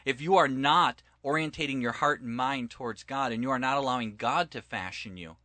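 A man with a bright, forceful voice teaches scripture like a preacher in conversation. He leans hard on key words and slips into voicing the people in his stories. The sound is close and dry, with no room around it. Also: medium pitch, a little fast, dry recording. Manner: emphatic, retells scripture and stories with lively voiced quotes.

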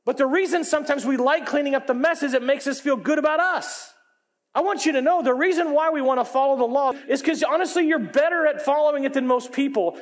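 A man preaching a lively sermon as pastor, swinging between loud, high lines and quiet, low asides. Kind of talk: energetic sermon.

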